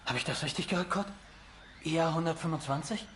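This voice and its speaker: An actor playing a brisk, impatient German soldier at a radio post in a video game. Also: male voice, fairly high pitch, fairly bright tone, slight background noise, lightly acted.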